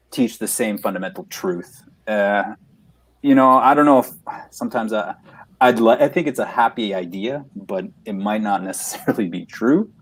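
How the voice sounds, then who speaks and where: A man on a casual podcast explains ideas steadily, sometimes reading a passage aloud. His voice sits at a middle pitch. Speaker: podcast guest.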